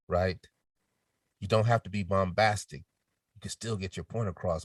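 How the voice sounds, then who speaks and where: A middle-aged man speaking as a podcast guest in casual chat, telling lively stories and switching into quoted voices, sometimes dropping to a near whisper. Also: sits low, a little slow, no room sound, clean studio sound, distant mic. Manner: animated storytelling with quoted voices, drops to a near whisper to demonstrate.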